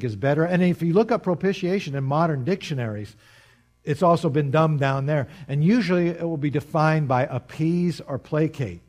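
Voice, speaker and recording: A man preaching a sermon in an earnest, emphatic way, repeating key words for emphasis and swinging from hushed to loud. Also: mid-range voice. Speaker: pastor.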